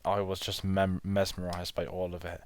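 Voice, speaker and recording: A man's voice: low-pitched, monotone, normal speed, smooth, dry recording. A man co-hosting a film podcast, chatting enthusiastically and rambling with restarts. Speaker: podcast co-host. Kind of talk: casual film chat.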